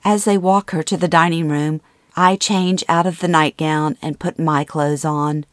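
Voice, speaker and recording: A middle-aged woman narrating a personal memoir in a calm, measured, intimate way. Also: deep voice, no echo, clean studio sound. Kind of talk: memoir reading.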